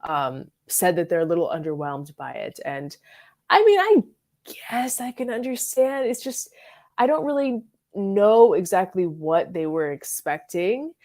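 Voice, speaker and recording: A woman with a slightly low voice hosts a relaxed fragrance livestream. She chats loosely, greets viewers from the live chat and talks about perfumes in an easy, rambling way, full of little fillers. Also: unhurried. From Florida. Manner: chatty, reads and answers live chat, frequent likes and ums.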